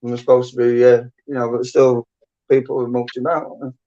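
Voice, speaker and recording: A man's voice: medium pitch, level tone, quick pace, warm tone. Man, rambling casual livestream chat, mumbles and trails off, dull lo-fi sound. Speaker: livestream host. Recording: dull lo-fi stream audio.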